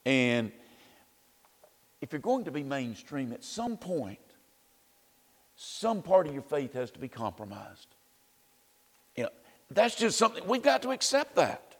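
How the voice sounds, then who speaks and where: A man's voice: on the high side, very animated, unhurried, vocal fry, long pauses, in a large hall. A man preaching a sermon in a conversational way, with wry asides and frequent "you know"s.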